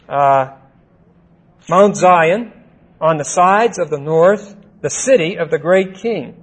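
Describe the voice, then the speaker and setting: A man teaching the Bible verse by verse, deliberate, stressing single words and checking in with "see?" and "okay?". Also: sits high, slightly rough, poor audio.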